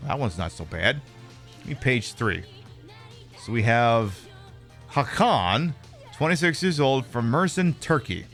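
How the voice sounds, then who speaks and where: A man streaming a video game, reading from it and making wry, deadpan asides. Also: medium pitch, a little slow, pauses often, faint music behind. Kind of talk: playing and commenting on a video game.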